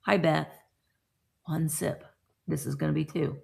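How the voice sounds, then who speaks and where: Chatty gravelly-voiced woman hosting a live chat. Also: deep voice, steady tone, measured pace. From Indiana. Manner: chatty, greets viewers by name. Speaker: live-stream host.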